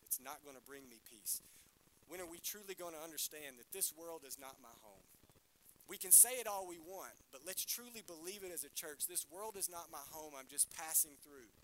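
A man preaches a sermon, his voice bright and forceful and sitting a little high. He keeps asking the congregation questions. Faint room sound hangs behind him. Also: normal speed, a little hiss or hum, rough recording. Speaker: pastor. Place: church hall.

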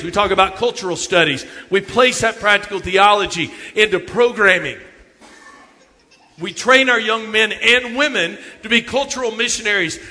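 A man, telling funny youth ministry stories in an animated sermon talk. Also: high voice. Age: 50s. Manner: animated storytelling, jokes with the audience. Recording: long hall reverb.

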